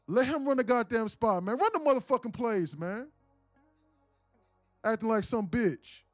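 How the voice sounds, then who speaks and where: A man putting on the voice of a loud, profane basketball coach yelling at his players. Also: extremely high pitch, animated, normal speed, no echo, faint music behind, voice pushed up. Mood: furious yelling. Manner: screaming, cursing.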